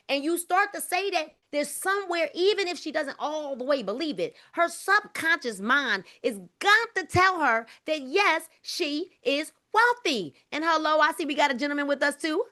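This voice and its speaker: A woman's voice: high-pitched, lively intonation, moderate pace, hardly any pauses, pushed and bright. A woman leading a motivational group video call, emphatic and preachy, repeating her phrases and calling the group y'all.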